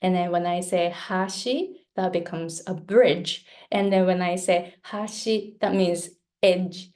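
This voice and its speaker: A woman's voice: on the low side, level tone, mellow. A Japanese woman with a Japanese accent, a pronunciation coach patiently modeling words in a live lesson. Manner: slow, patient, models words for learners to repeat.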